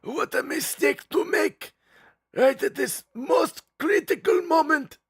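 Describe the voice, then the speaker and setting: A cold, scheming game villain, voiced by a man speaks slowly in a strikingly high register. Every word is formal and measured, and the sound is dry and close. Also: no echo, full character voice. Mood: scornful.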